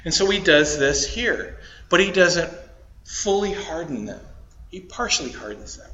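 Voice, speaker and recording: A man's voice: on the high side, sing-song, measured pace, pushed and bright. A male pastor preaching a sermon, stressing words by rising and dropping his voice. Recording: dull lo-fi recording.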